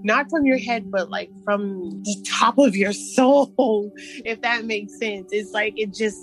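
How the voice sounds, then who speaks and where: A woman telling personal stories in an interview, halting and restarting, with soft nervous laughs. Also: mid-range voice, soft background music. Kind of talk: personal storytelling.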